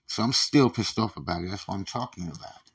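A man's voice: low-pitched, quick pace, breathy edge. A man hosting his own podcast, venting in a profane, stammering rant with many restarts. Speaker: podcast host. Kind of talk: casual ranting monologue.

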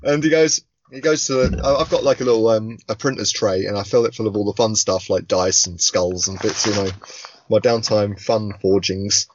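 A man in his forties co-hosting a podcast, telling stories in a casual, animated way, swearing and laughing often. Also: on the low side, normal speed, a little hiss or hum. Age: 40s. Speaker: podcast co-host. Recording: dull, dry lo-fi sound.

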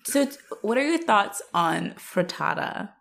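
Podcast co-host gravelly-voiced young woman. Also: medium pitch, measured pace. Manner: animated, swearing, acts out characters with laughter. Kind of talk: casual recap chat.

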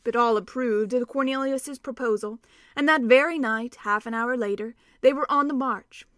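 A woman reading a storybook aloud, narrating in a clear, steady way. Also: fairly high pitch, normal speed, no room sound. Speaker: reader.

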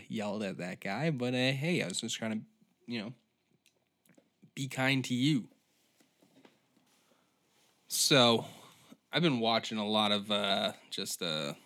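A man's voice: lowish voice, fairly bright tone. Profane, rambling male podcast host. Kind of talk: solo comedic rant.

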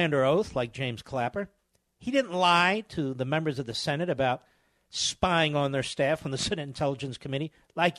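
Man, talk radio host, combative, scornful, higher-pitched voice, dry close sound. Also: moderate pace, a bit bright, no echo. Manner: scornful, hammering repetition, insults opponents.

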